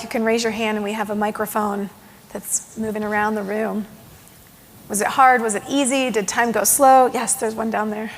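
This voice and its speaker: A woman giving a conference keynote on mindfulness to a live audience in a large hall, telling stories with lively acted-out quotes. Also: a little high. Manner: animated storytelling with acted quotes. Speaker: mindfulness speaker. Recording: long hall reverb.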